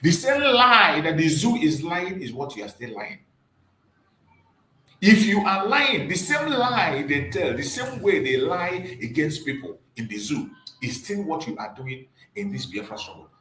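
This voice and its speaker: Man, fiery rhetorical monologue, fairly high voice, repeats his questions, roomy echo. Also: sing-song, unhurried, slight background noise. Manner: rhetorical, repeats questions, swings between loud emphasis and quiet drops. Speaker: channel host and activist commentator. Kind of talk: impassioned political monologue.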